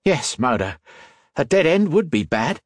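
A man voicing a bold young female gunslinger in an audiobook, urgent and quick-witted. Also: a little high, very animated, no echo, pitched above the performer's own voice. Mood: wry. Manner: urgent, quipping. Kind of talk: audiobook character voice.

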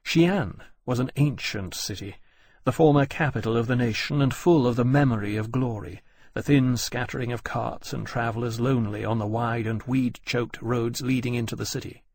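A man narrating an audiobook in a measured, descriptive storytelling manner. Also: mid-range voice, a little mellow, husky, no echo. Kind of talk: scripted narration.

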